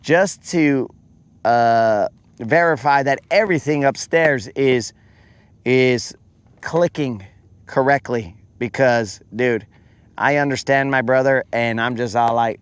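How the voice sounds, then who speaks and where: Speaking slowly and smoothly with no room sound, a man runs a fishing livestream and talks casually with his viewers. He's a lively, slang-heavy storyteller who puts on a higher voice for quoted lines.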